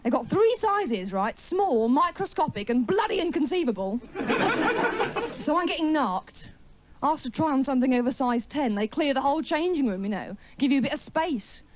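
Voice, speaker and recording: Woman stand-up, chatty and self-mocking, teases the crowd, very lively pitch, hissy old broadcast. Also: moderate pace. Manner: teasing crowd work. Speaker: stand-up comedian. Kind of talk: stand-up routine. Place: TV studio before a live audience.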